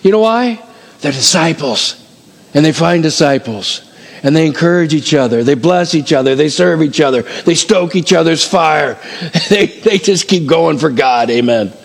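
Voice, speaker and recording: Male pastor in church, voice on the higher side; energetic, emphatic preaching that slows down to stress key points. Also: creaky. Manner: animated, counts up the years like an auctioneer. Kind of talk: sermon.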